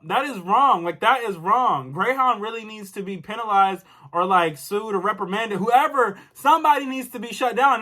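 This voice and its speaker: Young guy, high bright voice, furious storytime vlogger, slangy and repetitive. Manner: angry, exasperated, loose slang, repeats himself. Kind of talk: storytime vlog rant.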